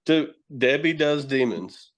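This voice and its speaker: A Tennessee man with a Southern drawl sits chatting on a podcast, his voice a bit high for a man. He tells stories loudly, swears freely and often breaks into laughter. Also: lively intonation, slow. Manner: loud, profane storytelling, laughing often. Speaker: horror host and actor. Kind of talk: casual podcast chat.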